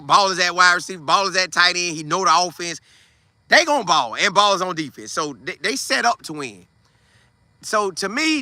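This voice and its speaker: A man hosting a casual football commentary show, talking in an animated, slangy way. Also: high-pitched, no room sound. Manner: animated, trash-talking, Southern Black vernacular slang. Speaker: sports podcast host.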